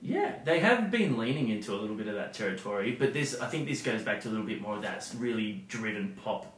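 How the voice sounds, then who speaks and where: Give me a jokey Australian man co-hosting a reaction show, with a bright, lively voice, recorded in a roomy space. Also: lowish voice, fast. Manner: jokey and animated. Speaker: co-host of a music reaction show. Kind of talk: casual reaction chat. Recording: roomy sound, mic at a distance.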